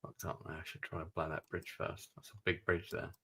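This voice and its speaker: A man's voice: deep voice, completely flat delivery, brisk, gravelly, sharp tone, breathy edge. A man streaming a strategy game, giving gameplay commentary and thinking aloud with muttered asides.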